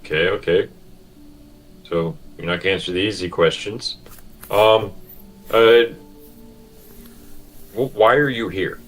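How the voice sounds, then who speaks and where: A man's voice: fairly low pitch, steady tone, unhurried, long pauses, a bit bright, low-quality recording. A man playing a tabletop game, casual and questioning. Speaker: player.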